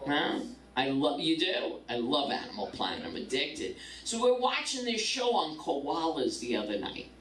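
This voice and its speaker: A woman's voice: low voice, big pitch swings, normal speed, echoey room, far from the mic, rough recording. A middle-aged woman doing a stand-up comedy set, brash and profane, landing punchlines.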